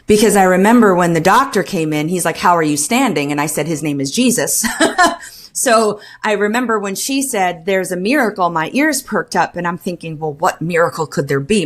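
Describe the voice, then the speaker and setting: A woman with a lowish voice tells her own story on a podcast. She speaks earnestly and with feeling, stopping and restarting often. She acts out what others said to her. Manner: earnest, emotional retelling with many restarts and quoted dialogue. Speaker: podcast guest. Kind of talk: personal storytelling in an interview.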